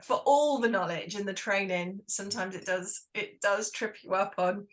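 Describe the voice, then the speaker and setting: Give me a lively middle-aged woman chatting as a podcast guest. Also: mid-range voice, moderate pace. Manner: lively, animated storyteller, playful. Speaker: guest, wellness entrepreneur. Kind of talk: casual interview chat.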